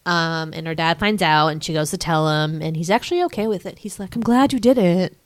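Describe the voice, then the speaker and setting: A young woman co-hosting a podcast, casually recapping a film, cursing freely and acting out the characters in quick quotes. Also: deep voice, animated, fairly bright tone, dry recording. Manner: chatty, swears freely, acts out characters in quotes, laughs often. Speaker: podcast co-host.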